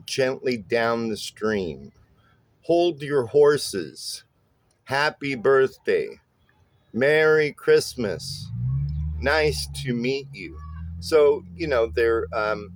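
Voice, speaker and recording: A man talks through a casual music lesson at mid pitch, easygoing and full of "uh"s and "um"s. The recording is close and dry, with no room sound around his voice. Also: dry recording. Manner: relaxed and chatty, many "uh" and "um" fillers, chuckles at his own jokes. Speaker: bass teacher.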